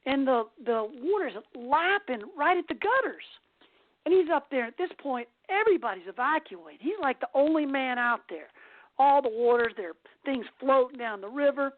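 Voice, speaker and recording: A woman's voice: high voice, lively intonation, moderate pace, no room sound. A woman host telling a long story in a chatty, casual way. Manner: chatty, with restarts. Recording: tinny phone-like dry line.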